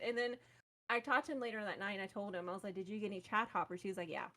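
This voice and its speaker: A young woman guest on a podcast, telling a story in a casual, animated way and laughing often. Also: fairly high pitch, very fast.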